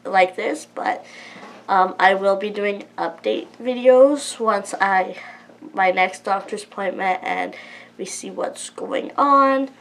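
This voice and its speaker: Close to tears, a woman of twenty speaks hesitantly and apologetically in a confessional vlog filmed at home. Her voice is mid-range and slow, and the audio is poor.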